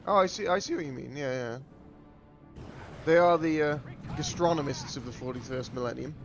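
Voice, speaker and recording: A man's voice: a little high, brisk. Guy casting a game tourney, jokey play-by-play, kinda dull audio, faint music behind. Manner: loose, joking play-by-play. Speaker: tournament caster. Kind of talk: live game commentary.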